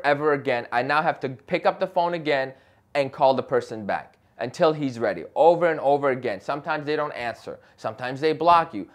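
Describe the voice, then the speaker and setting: Young man, fairly high voice, emphatic and loud, advice vlog to camera, keeps saying "right?". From Chicago area. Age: young adult. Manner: passionate, emphatic, talks loudly with frequent "right?". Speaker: real estate agent and vlogger.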